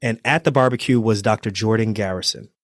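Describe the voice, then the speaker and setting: A man's voice: on the low side, brisk, no room sound, studio quality. A man from New Jersey, a trauma surgeon, telling his story as a podcast guest and acting out what people said. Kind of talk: storytelling interview.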